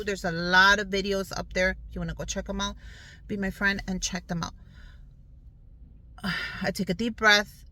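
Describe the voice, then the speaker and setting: A woman's voice: medium pitch, pushed and bright, low-quality recording. A woman in her thirties telling her health story in a casual vlog, earnest and upbeat, talking straight to viewers from a car. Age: 30s. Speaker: vlogger. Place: in a parked car outdoors in sun.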